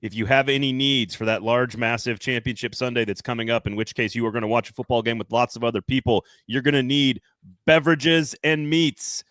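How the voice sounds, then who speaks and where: A man's voice: mid-range voice, steady tone, a little fast, a bit bright, no echo. A man hosting a sports podcast, talking in a loose, rambling, jokey way. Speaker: podcast host. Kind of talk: casual sports talk.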